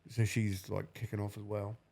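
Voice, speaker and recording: A man's voice: lowish voice, little pitch movement, moderate pace, vocal fry, a little mellow. A man in his forties from New Zealand, a podcast guest telling a painful personal story bluntly and with heavy swearing. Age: 40s. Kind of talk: emotional personal account.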